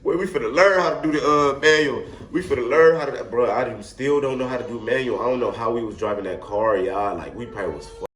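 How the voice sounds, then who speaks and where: A young man telling a wild story in a casual, animated, slangy way, laughing often. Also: mid-range voice, fast talker, hardly any pauses. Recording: echoey room.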